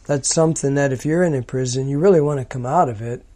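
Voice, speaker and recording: A man teaching from a psalm in a slow, deliberate, emphatic manner. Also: medium pitch, mellow. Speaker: preacher.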